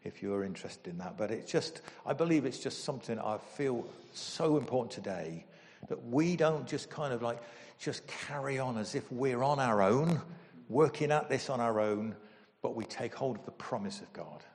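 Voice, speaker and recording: A man preaching a sermon as pastor, emotional and animated, with sudden loud bursts. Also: medium pitch, normal speed, big-room sound.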